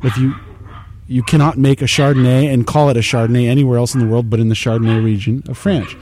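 Male host, warm mellow tone, knowledgeable and chatty about beer, loose and rambling. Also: mid-range voice, level tone, fast talker, slight background noise. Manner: knowledgeable, explanatory, rambling with fillers. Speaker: beer tasting show host. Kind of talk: casual beer tasting chat.

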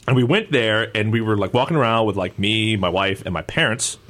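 A man's voice: fairly low pitch, a little fast, a bit bright. A man from upstate New York co-hosting a podcast, chatting in a rambling way with fillers and laughs. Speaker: podcast co-host. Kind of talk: casual chat.

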